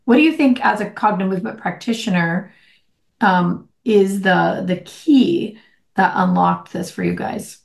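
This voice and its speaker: A woman's voice: medium pitch, measured pace, vocal fry. Affirming woman interviewer, encouraging, recorded in a roomy space. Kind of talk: interview questions. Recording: roomy echo.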